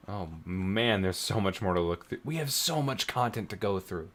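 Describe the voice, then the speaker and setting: A man's voice: lowish voice, lively intonation, normal speed, a bit bright. A man hosting a casual reaction video, swearing often and sighing, plainly moved by what he watches. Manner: swears often and sighs between remarks; emotional and easily moved.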